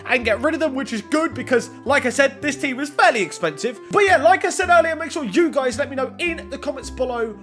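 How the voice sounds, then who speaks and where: A young man giving excitable commentary on his own football video game match, shouting at big plays. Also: extremely high pitch, a little fast, few pauses, soft background music. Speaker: gaming YouTuber. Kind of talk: gameplay commentary.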